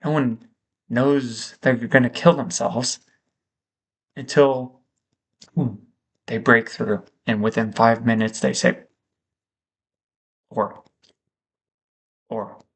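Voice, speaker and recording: A man thinking aloud in a reflective vlog monologue, slow and halting, with frequent pauses. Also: medium pitch, fairly even intonation, slightly rough. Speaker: vlogger.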